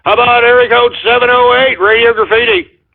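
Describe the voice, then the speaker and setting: Gravelly, ranting male radio host. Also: very high voice, fairly even intonation, brisk. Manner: irritable, profane, ranting. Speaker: radio host taking voicemail calls. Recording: tinny phone-like radio audio.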